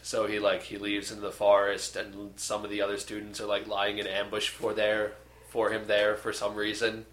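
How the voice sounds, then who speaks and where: A man's voice: lowish voice, completely flat delivery, normal speed, a bit bright, a little hiss or hum. A young man in casual chat, retelling a movie with lots of fillers and acted-out bits. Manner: rambling, filler-heavy, acts out scenes. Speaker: podcast co-host. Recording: echoey room.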